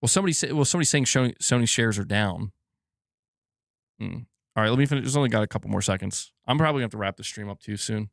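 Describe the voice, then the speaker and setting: A man's voice: on the low side, animated, rapid-fire, vocal fry, no room sound, clean studio sound. A young man streaming gaming news commentary, ranting heatedly with lots of swearing and filler words while reading super chats.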